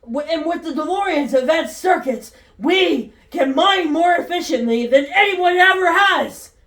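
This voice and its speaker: A woman voicing an excitable, eccentric old male scientist, loud and shouting, in a roomy recording from a distance. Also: extremely high pitch, a little slow, pitched above the performer's own voice, exaggerated voice. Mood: excited. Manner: loud, giddy, shouting exclamations. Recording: roomy echo, distant from mic.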